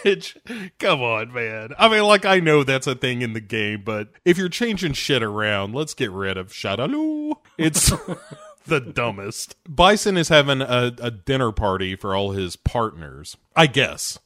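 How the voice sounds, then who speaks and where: A man riffing on a bad movie with a podcast co-host. He talks with a lively, swinging pitch and a sarcastic, joking edge, swearing now and then. The sound is dry and close. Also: unhurried, no echo. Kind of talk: casual movie-riffing chat.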